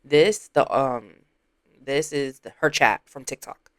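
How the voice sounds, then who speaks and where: A woman reaction streamer giving casual commentary, teasing and laughing with loud exclamations. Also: very deep voice, slow.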